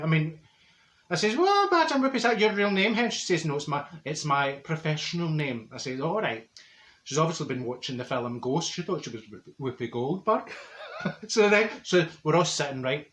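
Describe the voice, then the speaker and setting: A man's voice: on the high side, fairly bright tone. A man playing a brash, chatty woman from Glasgow with a Glaswegian accent, telling a comic story with lots of stumbles and repeated words. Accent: Glaswegian Scottish. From Glasgow, Scotland. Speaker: comedy character. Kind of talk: comic monologue. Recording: roomy echo.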